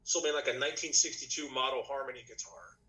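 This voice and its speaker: A man, a podcast guest and musician, telling his story in casual chat, rambling with many restarts, his voice slightly rough tonight. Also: mid-range voice, fast, bright, forceful tone, poor audio. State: slightly rough voice, clearing throat.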